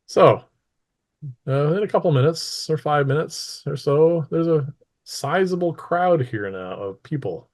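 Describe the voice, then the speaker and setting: A man running a tabletop role-playing game as game master, narrating casually with halting pauses and fillers. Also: on the high side, expressive, a little mellow.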